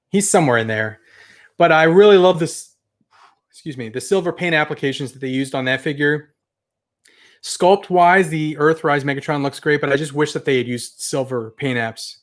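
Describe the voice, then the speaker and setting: A young adult man casually chatting on a toy collecting livestream, rambling and enthusiastic as he reads viewer comments. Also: on the high side. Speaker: toy collector channel host.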